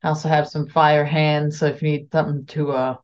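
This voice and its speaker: A woman's voice: sits low, flat delivery, a little fast. A woman playing in a tabletop game over a video call, talking in a hesitant, rambling way. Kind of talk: casual chat. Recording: dull lo-fi video call audio.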